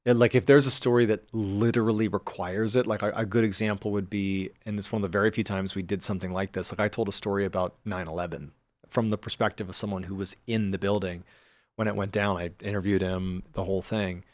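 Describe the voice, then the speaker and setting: Sex: male. Role: storyteller guest. Style: casual storytelling. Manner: relaxed, filler-heavy. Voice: lowish pitch, dry and close. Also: fast talker, no echo.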